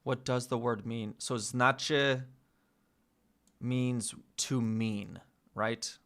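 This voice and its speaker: A young man thinking aloud as he studies a language, correcting himself and slowly sounding out foreign words. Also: medium pitch, steady tone, creaky. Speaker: vlogger learning a language. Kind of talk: casual thinking-aloud study session.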